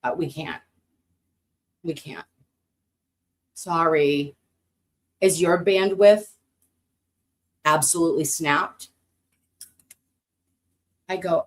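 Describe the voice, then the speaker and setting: An American woman streaming casually to her chat, animated, cursing freely, and swinging up high when excited. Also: drawn-out words, long pauses. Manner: animated, swearing, talks to chat.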